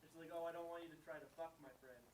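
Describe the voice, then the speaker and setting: A man's voice: a little high, steady tone, racing. A man in a seminar audience asking a hesitant question, with many fillers. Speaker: audience member. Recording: distant roomy room mic, noisy.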